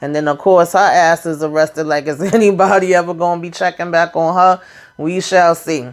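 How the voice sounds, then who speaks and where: A woman's voice: on the low side, fairly even intonation, moderate pace. A woman giving a chatty, slangy recap of a TV episode, talking straight to her viewers. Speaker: TV recap vlogger.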